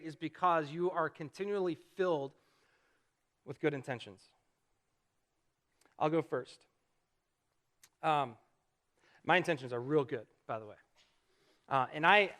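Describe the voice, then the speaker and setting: A man's voice: on the high side, fairly bright tone. A middle-aged male pastor preaching a sermon to a church congregation, telling stories about his own life in a conversational, self-deprecating way and posing rhetorical questions. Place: church sanctuary before a congregation.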